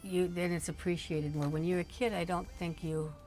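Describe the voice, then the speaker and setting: Older lady chatting, lowish voice, laughs a lot, faint music behind. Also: steady tone, normal speed, darkish tone. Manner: chatty storyteller, laughs often. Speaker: streamer's mother, guest. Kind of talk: casual chat.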